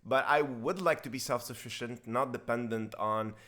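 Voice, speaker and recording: A man at a middling pitch, chatting on a podcast. He talks in a lively, joking way, often breaking into laughter and going off on tangents. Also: moderate pace. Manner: animated and joking, with frequent laughs. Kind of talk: casual podcast chat.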